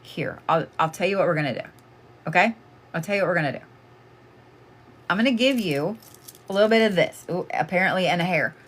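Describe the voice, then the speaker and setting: A woman's voice: lowish voice, lively intonation, a little fast, pauses often. A woman giving casual live oracle card readings, blunt and chatty, swearing freely as she talks to callers.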